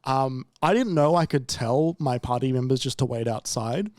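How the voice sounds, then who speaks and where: A man's voice: mid-range voice, moderate pace, a little mellow, no echo, clean studio sound. A man guesting on a podcast in casual chat, telling rambling, laugh-filled stories with stammers and restarts.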